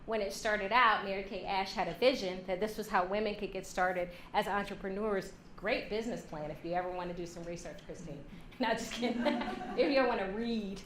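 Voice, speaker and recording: A woman giving a lively workshop talk to a women's leadership class, joking and acting out quoted voices. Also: medium pitch, brisk. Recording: echoey room, faint hum.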